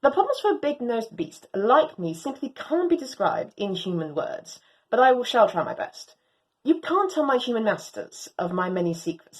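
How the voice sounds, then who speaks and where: Brief: excitable young female Doberman in a storybook, read by a woman, grand phrasing, bright lively swoops. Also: low-quality recording. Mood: dramatic. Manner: theatrical, swooping pitch, grand old-fashioned phrasing. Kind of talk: storybook reading.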